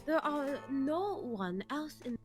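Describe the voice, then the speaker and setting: A woman's voice: on the high side, animated, normal speed, fairly bright tone, faint music behind. A woman doing an arrogant prosecutor with a put-on accent. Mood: haughty. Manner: haughty, stumbling over lines.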